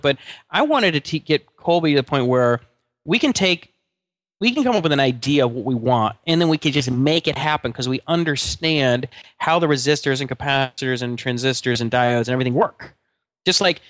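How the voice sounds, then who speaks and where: A man's voice: a little high, a bit bright, no room sound. Rambling man on a dry podcast mic. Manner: rambling, many restarts and fillers, chuckling. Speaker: podcast co-host. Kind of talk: casual chat.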